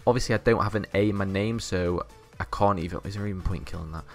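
A man's voice: deep voice, fast talker, soft background music. Cocky young man narrating gameplay. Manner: cocky, boastful banter with crude swearing. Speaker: gaming channel host. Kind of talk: gameplay commentary.

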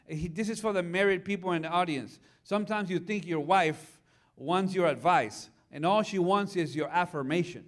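Animated preaching man with a high voice. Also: normal speed. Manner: animated, conversational, asks the audience questions. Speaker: pastor. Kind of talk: conference preaching talk.

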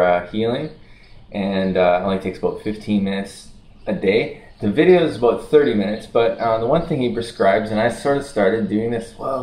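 A man with a morning voice, talking casually to camera in a relaxed, rambling way with many fillers. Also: fairly low pitch. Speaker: wellness vlogger. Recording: roomy echo.

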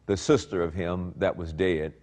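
A middle-aged pastor preaching a sermon, reading scripture aloud and commenting on it, swinging between low murmurs and high exclaims. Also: male voice, fairly even intonation, moderate pace, darkish tone.

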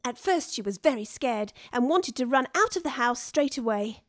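A woman reading a children's story aloud, expressive and unhurried. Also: sits high, dry recording. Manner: slow, lively, expressive. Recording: dry studio with soft music.

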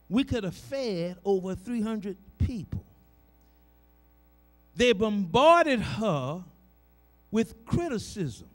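A middle-aged man preaching a sermon in a church, building from talk to shouted cries and repeating phrases for emphasis. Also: sits high.

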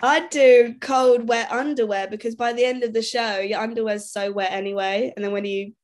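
A woman guest musician from Essex talks in a casual interview. Her voice sits a little high, and she chats in a bubbly, giggly way. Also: fairly even intonation, moderate pace. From Essex, England.

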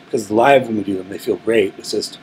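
Speaking fairly quickly in a fairly low voice, a musician chats casually during a recording-studio interview, telling loose, meandering stories full of restarts. The audio is rough and carries a faint hiss or hum.

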